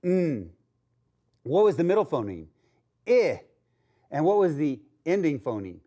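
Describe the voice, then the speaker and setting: A man's voice: on the high side, very animated, dark tone. A man teaching a phonics lesson to young children, sounding out letters and cheering them on. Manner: slow, sounding out letters, upbeat and encouraging.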